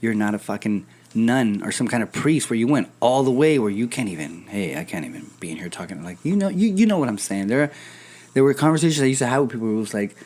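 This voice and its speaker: A young man hosting a casual podcast chat, telling lively stories and swearing casually. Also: medium pitch, fast talker. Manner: animated storyteller, acts out quoted voices, swears casually. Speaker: podcast host.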